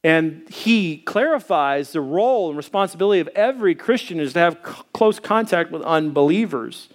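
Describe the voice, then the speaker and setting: Middle-aged pastor guy preaching, chatty storyteller, lots of uh's, pretty high voice. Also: animated, normal speed. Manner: conversational storytelling, hesitant fillers; acts out quoted voices in a higher pitch. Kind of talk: sermon.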